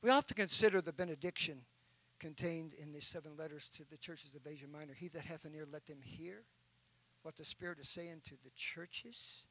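A man's voice: a little high, normal speed, a bit bright, rough recording. A man preaching a sermon as a bishop, telling an illustration and building to emphatic points. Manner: storytelling with rising, emphatic preaching.

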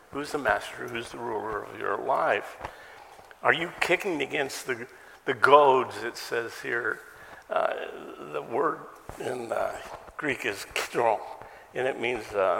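A male pastor delivers a live sermon in a gravelly, bright voice. He talks conversationally, stacks rhetorical questions, and pokes fun at himself. The sound carries a long hall reverb with faint background noise. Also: mid-range voice, measured pace. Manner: conversational, self-deprecating humor, rhetorical questions.

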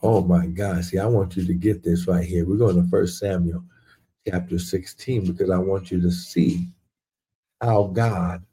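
A man's voice: deep voice, fairly even intonation, unhurried, mellow, breathy edge. A man preaching a sermon with fervent exclamations, repeating key phrases and calling out to his listeners.

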